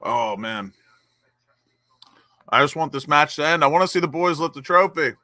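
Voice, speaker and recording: A young man hosting a live football watch-along, cheering as an excitable fan. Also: on the high side, normal speed, dry recording.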